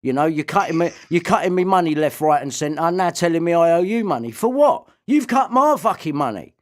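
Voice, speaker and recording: A man in an angry, sweary rant, shouting threats and insults. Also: a little high, lively intonation, brisk.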